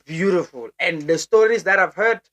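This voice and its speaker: Young South African woman vlogger, lively, pushy-friendly, voice jumps high when keen. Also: normal speed. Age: young adult. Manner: animated, urging, pitch leaps up high. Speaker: YouTuber. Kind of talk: casual vlog chat to viewers.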